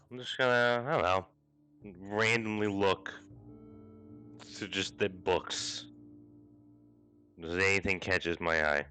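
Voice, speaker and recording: A man's voice: sits low, steady tone, takes it slowly, pauses often, bright, forceful tone, faint music behind. A man playing in a tabletop game, talking casually and animatedly, grumbling and swearing freely. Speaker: player.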